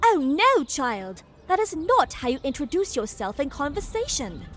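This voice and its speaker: A woman's voice: sits high, very animated, moderate pace. A fussy, genteel noblewoman. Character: fussy etiquette-obsessed noblewoman. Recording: game audio with music behind.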